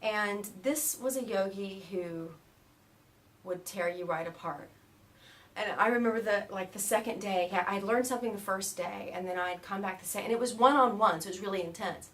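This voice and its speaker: An American woman telling stories in a casual interview, animated and laughing often as she mimics the people she met. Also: mid-range voice, normal speed, distant mic. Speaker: interview guest.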